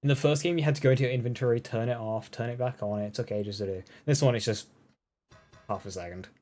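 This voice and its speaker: A man's voice: medium pitch, quick pace, a little mellow, faint music behind. Man chatting casually over gameplay. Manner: chatty, swears offhandedly. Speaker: gaming YouTuber.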